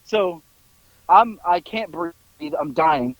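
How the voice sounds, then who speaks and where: Man, high lively voice, casual storytelling, dull dry remote call audio. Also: slow, creaky, dry recording. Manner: animated, mimics others in a high strained voice. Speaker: podcast co-host telling stories. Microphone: headphones over remote call.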